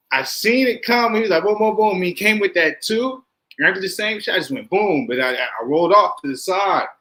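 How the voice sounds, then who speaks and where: A man in casual chat who tells stories in an animated way, acting out quotes and laughing often. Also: sits high. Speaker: co-host.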